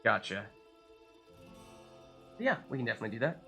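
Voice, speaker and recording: Man, stream host, casual chat, animated pitch, slightly formal wording, faint music behind. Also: fairly quick, creaky.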